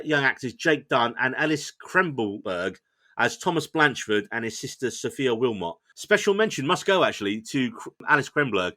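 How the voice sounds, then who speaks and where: An enthusiastic male podcast host with a bright voice, talking through a show he enjoyed in easy, chatty review mode. He is playful and quick to poke fun at himself. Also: medium pitch. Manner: enthusiastic, chatty, self-deprecating. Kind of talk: casual review chat.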